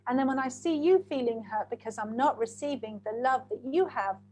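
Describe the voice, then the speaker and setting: Lively woman hosting a heartfelt chat. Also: sits high, fairly quick, rough recording. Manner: animated storyteller, acts out quotes. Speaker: host.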